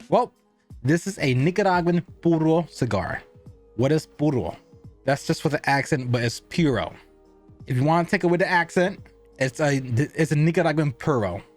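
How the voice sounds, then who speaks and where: A man giving a casual cigar review, rambling and asking and answering his own questions. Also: a little high.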